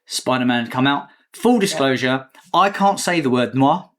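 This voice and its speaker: A man's voice: medium pitch, expressive, normal speed, fairly bright tone. A man hosting a casual podcast chat, jokey and ranty, swearing freely. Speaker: podcast host.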